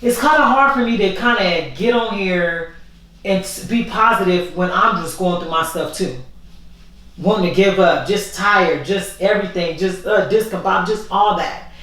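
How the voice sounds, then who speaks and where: A woman's mid-range, slightly bright voice carries a casual, heartfelt vlog at a moderate pace; she's candid, rambling and repetitive. Only audio is captured because her camera isn't working, and she's far from the mic in a very echoey room.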